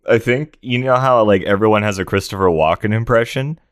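A man's voice: on the low side, moderate pace, dry recording, studio quality. A man co-hosting a podcast, chatting casually and jokily about films in a self-deprecating way. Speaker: podcast co-host. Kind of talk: casual film-discussion chat.

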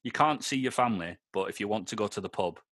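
A man's voice: lowish voice, lively intonation, fast talker, a bit bright, no echo, studio quality. A man from Britain hosting a podcast in loose, sweary, casual chat, often acting out other people in quotes. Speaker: podcast host.

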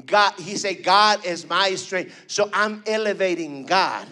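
A man's voice: sits high, measured pace, sharp tone. A man preaching a fervent sermon, repeating phrases and calling for responses.

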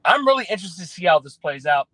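A man from the American South talks sports on a radio show, opinionated and animated, often restarting his phrases. His voice sits a bit high for a man. The sound is dry and close, with no room echo. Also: fast. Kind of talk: casual sports talk.

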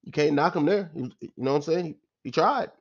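A man's voice: a little high, fairly quick, slightly rough, highs cut off. A man giving a casual, exasperated post-game rant as a sports fan, repeating himself and using slang.

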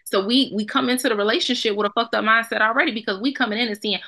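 A young adult woman co-hosts a podcast in casual chat, speaking bluntly and emphatically with plenty of profanity. Her medium-pitched voice sounds pushed and bright, coming rapid-fire with hardly any pauses.

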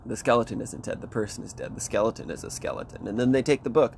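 A man retelling a book plot in casual chat, rambling and animated and swearing often. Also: medium pitch, fast, creaky, slight background noise.

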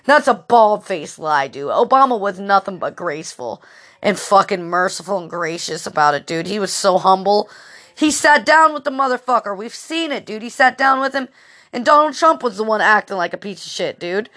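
A woman's voice: medium pitch, lively intonation, moderate pace, fairly bright tone. Lady rambling on her podcast, cussing constantly, super casual storytelling. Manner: profane, rambling storytelling with lots of fillers. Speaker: podcast host. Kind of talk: casual monologue.

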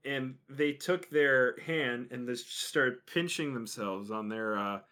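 A man co-hosting a casual podcast, telling a story haltingly with many fillers. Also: mid-range voice, bright, forceful tone. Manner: hesitant storyteller, trails off with fillers. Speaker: podcast co-host.

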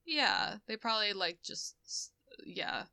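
Woman co-host, casual movie recap, sharp and clear tone, emotional and swearing freely. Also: medium pitch, a little slow, no echo, studio quality. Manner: animated and profane, crying over the ending.

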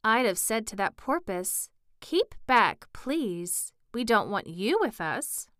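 A woman reading as Alice, a polite and wide-eyed young girl from a storybook, asking questions in a wondering tone. Smooth, dry close recording at an unhurried pace. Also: a little high, very animated, a bit bright, no room sound, pitched above the performer's own voice, exaggerated voice. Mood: curious. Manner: wondering, polite, a little timid.

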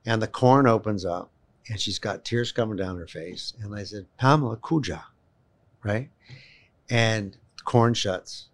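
Male guest, low register, animated anecdotal storyteller. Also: unhurried. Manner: animated, emphatic storyteller with frequent restarts. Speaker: guest, children's home volunteer. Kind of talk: storytelling in conversation.

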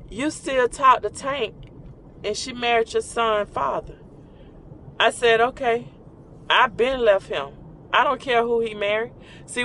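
A woman's voice: mid-range voice, a bit bright, slight background noise. A middle-aged woman telling personal stories in a casual, conversational way, often repeating key lines for emphasis. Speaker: speaker sharing personal stories.

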